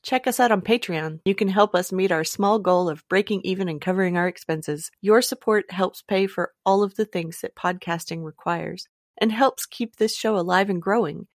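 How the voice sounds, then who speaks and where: A woman's voice: on the low side, moderate pace, few pauses, no echo, studio quality. A woman podcast host reading a friendly outro asking listeners for support. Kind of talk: scripted outro.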